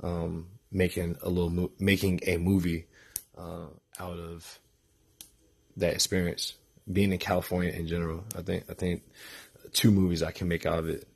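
A man's voice: low-pitched, little pitch movement, moderate pace, creaky, husky. A tired young man talking casually to his vlog audience at night, rambling and hesitant, with many restarts. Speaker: vlogger.

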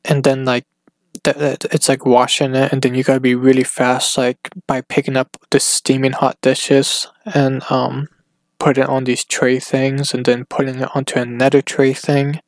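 A man talking alone on his podcast in a rambling, casual way, halting often and restarting his sentences. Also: medium pitch, completely flat delivery, dry recording. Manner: hesitant, halting, full of restarts and fillers. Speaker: solo podcaster. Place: at home.

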